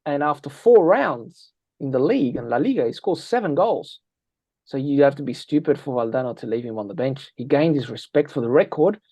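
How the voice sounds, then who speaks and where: A man on an interview, a football analyst, telling lively anecdotes and acting out quoted lines. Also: mid-range voice, a little fast, no room sound. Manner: energetic, tells anecdotes with quoted dialogue. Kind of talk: animated storytelling interview.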